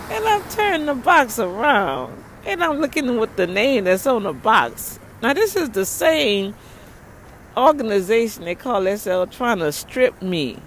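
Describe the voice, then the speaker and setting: A woman, a ministry leader, telling a frustrating story in an animated vlog, breaking into prayers and repeating herself. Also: a little high, a little hiss or hum.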